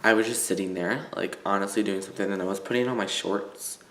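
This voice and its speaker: A man's voice: low-pitched, steady tone, quick pace, fairly bright tone, echoey room, slight background noise. A teenage boy from Illinois telling stories in a casual vlog, rambling with lots of "like" and fillers. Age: teens. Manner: rambling, filler-heavy, full of "like". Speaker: vlogger.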